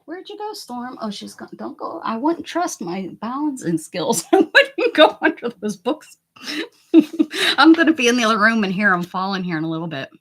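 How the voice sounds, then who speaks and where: Female stream host at home: lively, breathy-edged voice, teasing and self-deprecating chatter. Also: fairly high pitch, moderate pace. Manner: chatty, self-mocking, laughs often, mutters softly to herself. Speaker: art channel host. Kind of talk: casual livestream chat.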